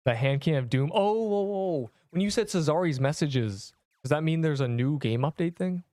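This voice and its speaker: A man's voice: fairly high pitch, expressive, a little fast, darkish tone, no room sound, clean studio sound. A man live-streaming a game, chatting playfully with viewers and joking at his own expense. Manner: playful and self-mocking, reacting to chat. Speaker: streamer playing an online game.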